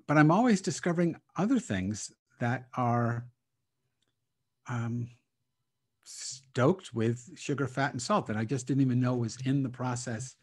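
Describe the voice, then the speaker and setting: Husky man musing on a video call. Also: medium pitch. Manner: reflective, hesitant, laughs often. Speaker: rabbi guest speaker. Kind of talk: casual spiritual talk over video call.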